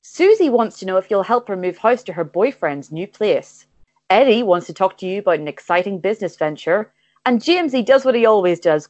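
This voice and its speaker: A woman narrating an improvised comic adventure with playful deadpan timing. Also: medium pitch, brisk, no echo, lo-fi sound. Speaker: comedy guest and game narrator.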